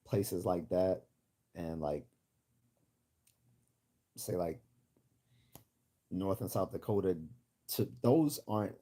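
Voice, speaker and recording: A man's voice: sits low, dark tone. A man from Baltimore hosting a livestream, chatting casually and rambling with many restarts while he answers chat comments. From Baltimore, USA. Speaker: livestream host.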